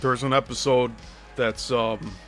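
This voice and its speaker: A man's voice: medium pitch, fairly even intonation, unhurried, fairly bright tone, faint music behind. A man hosting a show, giving critical, explanatory commentary on a script. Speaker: host.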